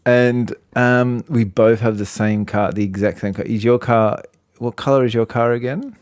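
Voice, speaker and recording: This podcast co-host is a man with a medium-pitched, steady, darkish voice that sounds clear and resonant, speaking at a moderate pace. The studio-quality recording is dry, and he rambles through the casual chat with plenty of fillers and frequent laughs.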